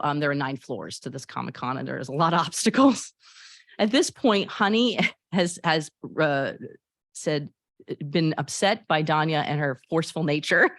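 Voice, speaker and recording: Brief: playwright, woman, low pitch, chatty setup before a reading, dry close sound. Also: dry recording. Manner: chatty, fond, many fillers and restarts. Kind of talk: introducing a reading of her play.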